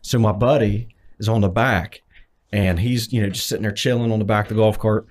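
A young man hosting a casual chat, telling stories in an animated way. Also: fairly low pitch, brisk. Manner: animated storyteller.

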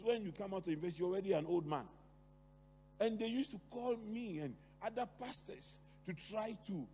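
A middle-aged man preaching a sermon, talking to the congregation with lively rhetorical questions and asides. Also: sits high. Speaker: pastor. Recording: long hall reverb, faint hum.

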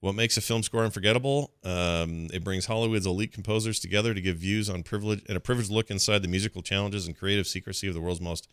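A man's voice: sits low, quick pace, few pauses, clean tone, no room sound, clean studio sound. A man co-hosting a movie podcast in casual chat, talking with rambling enthusiasm. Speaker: podcast co-host.

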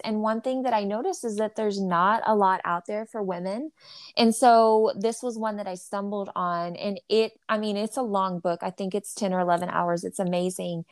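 A woman's voice: mid-range voice, dry recording. Bubbly joking woman podcast co-host. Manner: bubbly, jokey storyteller. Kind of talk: casual chat.

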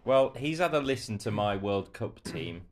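A man's voice: lowish voice, sing-song, moderate pace. A man from England hosting a podcast, chatting casually about football, laughing often and poking fun at himself. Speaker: podcast host.

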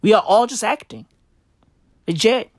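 A woman's voice: on the high side, lively intonation, a little slow, dry recording, clean studio sound. A woman doing a rambling, profane comic monologue in a slangy dude persona.

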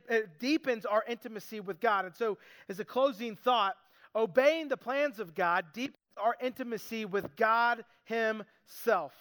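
A man preaching as a pastor, earnest and conversational, leading a communion service. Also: high-pitched. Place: church sanctuary. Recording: reverberant hall with soft instrumental music.

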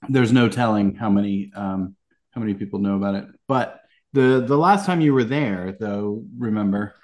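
A man running a tabletop game as game master, speaking in a measured way with many pauses. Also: fairly low pitch, darkish tone.

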